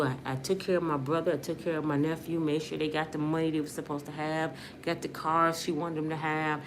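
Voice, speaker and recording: A woman's voice: low voice, little pitch movement, fairly quick, hardly any pauses, background noise. A middle-aged woman from Michigan, earnestly telling her life story as a personal testimony in casual, emotional talk. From Michigan, USA.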